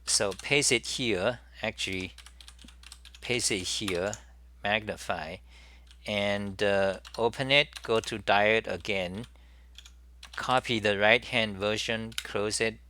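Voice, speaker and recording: A man hosting a live software demo, thinking aloud with halting restarts and repeated words as he works. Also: on the low side, slight background noise. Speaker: programming tutorial host.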